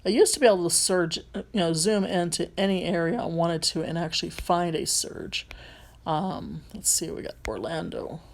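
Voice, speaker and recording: A woman's voice: lowish voice, moderate pace, darkish tone. Woman with a light Southern accent. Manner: rambling, with frequent ums and restarts. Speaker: vlogger and rideshare driver. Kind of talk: casual tutorial talk.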